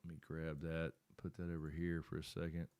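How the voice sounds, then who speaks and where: A man's voice: extremely low pitch, completely flat delivery, brisk, a little mellow, smooth, dry recording. A middle-aged man hosting a live stream. He chats casually and rambles, thinking aloud while he works his screen.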